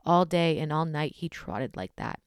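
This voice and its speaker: Creaky-voiced woman reading a scary story. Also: low-pitched, animated, moderate pace, dry recording, clean studio sound. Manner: casual and blunt, swears in asides. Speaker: podcast host.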